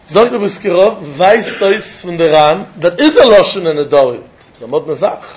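A man teaches a Talmud lesson in carrying a lilt, his voice sitting high. He keeps pressing rhetorical questions and chuckling as he reasons aloud. The recording sounds dull and lo-fi. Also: moderate pace, slight background noise. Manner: animated, asks rhetorical questions, chuckles often. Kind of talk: Talmud lecture.

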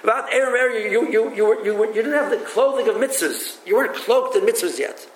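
High-voiced rabbi teaching in an echoey room. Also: male voice, noisy background. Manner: halting and repetitive, thinks aloud. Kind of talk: teaching a religious text, with stories. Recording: echoey room with faint ambience.

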